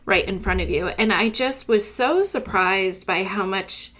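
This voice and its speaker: A woman in her thirties co-hosting a library podcast in casual chat, reflective and trailing off into quiet asides. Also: medium pitch, a little slow. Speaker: podcast co-host, library staff.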